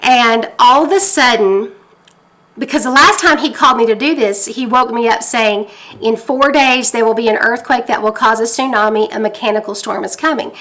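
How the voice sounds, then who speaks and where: A woman's voice: fairly high pitch, normal speed, a bit bright. A woman from Texas giving a fervent, emotional personal testimony from home, often quoting her own prayers aloud. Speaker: faith teacher. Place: kitchen table at home.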